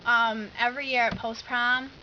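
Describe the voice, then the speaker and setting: A woman's voice: a little high, normal speed, dull audio, a little hiss or hum. Chatty teenage girl vlogging. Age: teens. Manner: chatty, animated, lots of "like". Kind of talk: casual storytelling vlog.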